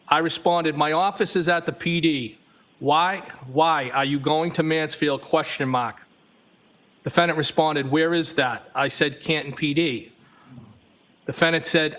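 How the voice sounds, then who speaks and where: A man's voice: on the high side, fairly bright tone. A man testifying as a trial witness, reading text messages aloud evenly and speaking the punctuation marks.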